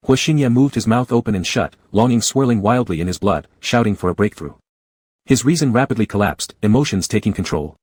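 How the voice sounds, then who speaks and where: Male narrator reading a romance story, low husky voice, dry close sound. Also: expressive, a little fast, a little mellow, dry recording.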